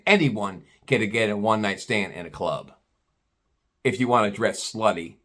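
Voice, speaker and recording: A man's voice: lowish voice, animated, moderate pace, fairly bright tone. A middle-aged American man telling a rambling personal story in casual talk, blunt and swearing freely. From United States. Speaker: vlogger.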